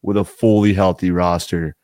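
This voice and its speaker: A man co-hosting a sports podcast in relaxed, casual chat, swearing now and then. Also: low voice, moderate pace, dry recording, studio quality. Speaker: podcast co-host.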